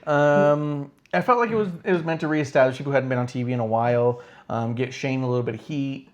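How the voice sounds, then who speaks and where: A man chatting on a casual wrestling podcast, talking with a lot of animation. He breaks into exaggerated high-pitched impressions when recapping moments. His voice sits in an ordinary mid range. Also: quick pace, lo-fi sound. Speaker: podcast co-host. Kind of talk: casual chat.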